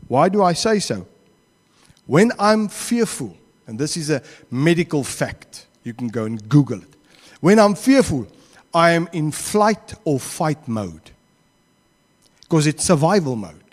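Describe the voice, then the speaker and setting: A man's voice: a little high, measured pace, long pauses, long reverb tail. A man with a South African accent preaching a sermon in a church, acting out the quotes he tells. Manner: animated, acts out quotes.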